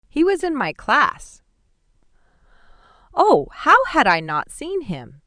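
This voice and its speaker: A woman's voice: fairly high pitch, wildly swooping pitch, slow pace, long pauses, sharp tone, no echo. A woman reading a first-person audiobook in a playful, wry manner, recorded on a studio mic. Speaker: audiobook narrator. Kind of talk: scripted first-person narration.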